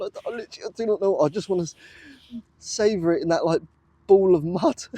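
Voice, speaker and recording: An awestruck British man, breathless and given to repeated exclamations, talks to his viewers from a field. His voice sits a little high for a man yet sounds mellow and warm. The recording is close and dry, with no room around it. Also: no echo. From United Kingdom. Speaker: metal detecting vlogger. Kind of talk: excited outdoor vlog commentary. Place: outdoors in a muddy field. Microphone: camera on a tripod.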